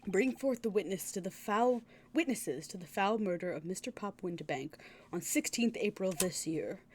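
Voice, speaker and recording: A woman's voice: mid-range voice, expressive, moderate pace, slightly rough. A woman voicing a stern, pompous elderly male judge with a formal manner.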